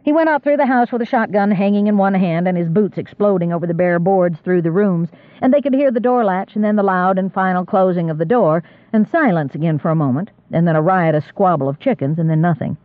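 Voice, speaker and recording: Male narrator, audiobook, measured reading, fairly high voice, dry, phone-like sound. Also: dry recording.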